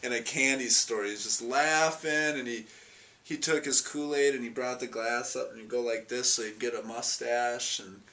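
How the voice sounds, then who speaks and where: His medium-pitched voice is steady but pushed and bright, moving at a moderate pace. He chuckles and restarts often while fondly rambling through a personal story in an interview, picked up by a distant mic with faint noise.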